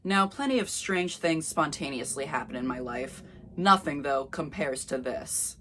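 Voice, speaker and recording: Low-voiced woman reading with wry asides. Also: expressive, a little slow, a bit bright, a little hiss or hum. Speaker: youtuber. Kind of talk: reading aloud with commentary.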